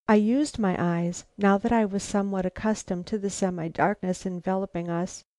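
Woman reading a novel aloud, mellow tone. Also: mid-range voice, no room sound. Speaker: audiobook narrator. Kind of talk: scripted narration of a novel.

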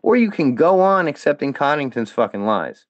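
A man's voice: a little high, sing-song, normal speed, dry recording, lo-fi sound. A man speaking as a podcast guest, delivering a heated, profanity-laced rant aimed at his critics. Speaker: guest, former fan of a comedian. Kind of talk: angry monologue addressed at critics.

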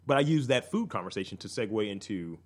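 Man from Maryland, podcast co-host, lively pitch that swings up and down, swearing a lot, whispered asides. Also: quick pace. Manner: profane, animated storytelling with whispered asides. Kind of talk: casual chat.

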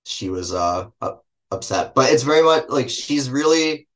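A man's voice: mid-range voice, expressive, moderate pace, fairly bright tone. A man with a New Jersey accent, a filmmaker guest answering interview questions in a loose, self-correcting way. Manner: rambling, self-correcting, laughs between thoughts.

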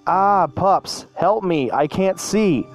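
A man voicing a young boy who leads a team of pups, in a reassuring, steady way. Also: mid-range voice, normal speed, faint music behind, lightly acted. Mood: panicked.

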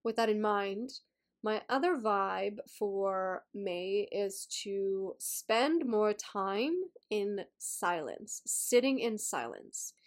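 A young woman who hosts her own podcast and teaches yoga talks casually and solo in a relaxed way. Her voice is medium-pitched and slightly nasal, and she repeats her phrases while addressing listeners directly with encouraging questions.

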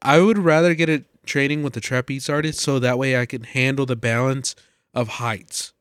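A man in casual chat, relaxed and thoughtful, musing on his own fears. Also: mid-range voice, moderate pace, no echo, clean studio sound.

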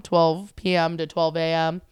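A woman comedian in casual podcast chat, telling an animated story, swearing freely and acting out the quotes. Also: low-pitched, unhurried, clear, resonant tone, no echo. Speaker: comedian guest.

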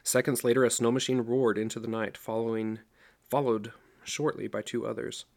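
A middle-aged man reading a novel aloud as narrator, in a steady storytelling voice. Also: medium pitch, moderate pace, gravelly. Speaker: audiobook narrator. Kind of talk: scripted narration.

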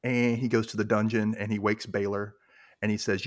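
A man's voice: fairly low pitch, little pitch movement, a little fast. A man co-hosting a podcast, casually recapping a TV episode and acting out the characters' lines in put-on voices. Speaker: podcast co-host.

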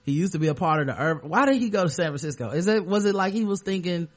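A man hosts a loose comedy podcast, joking and sarcastic as he rambles. His voice sits on the higher side. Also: lively intonation, very fast, few pauses. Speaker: podcast host. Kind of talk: casual comedic podcast chat.

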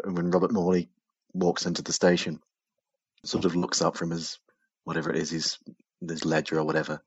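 Low husky guy on a podcast, trivia-minded, dull muffled mic. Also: no echo. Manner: chatty, trivia-minded, quick asides. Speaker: podcast co-host. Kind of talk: casual chat about old British TV.

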